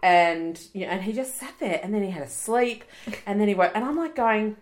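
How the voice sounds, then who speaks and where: Speaking fairly quickly in a mid-range voice, this woman co-hosts a podcast, keeping the chat casual. She's a lively storyteller who performs the characters' voices.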